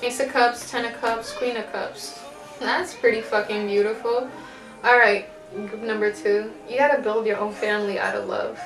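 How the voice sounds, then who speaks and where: A woman's voice: a little high, fairly even intonation, moderate pace, echoey room, over music, rough recording. Profane, chatty woman reading tarot. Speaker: tarot reader. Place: home with family noise in background.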